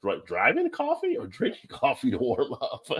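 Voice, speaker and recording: A middle-aged man from New Jersey co-hosting a casual livestream, reading comments and ranting with big jumps in pitch. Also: unhurried, breathy edge. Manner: animated, jumps high in pitch when ranting. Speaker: livestream co-host.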